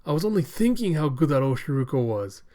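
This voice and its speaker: A man voicing a brash, cheerful young pirate hero in a manga recap, talking loud and quick. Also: on the high side, very animated. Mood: excited.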